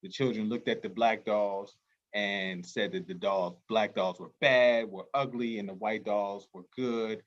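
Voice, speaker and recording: A man's voice: lowish voice, fairly even intonation, unhurried, lo-fi sound. Earnest man leading a call-and-response. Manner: call-and-response chant with quiet answers, then earnest, passionate speech with fillers. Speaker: festival organizer and host. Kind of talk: libation call-and-response, then heartfelt talk.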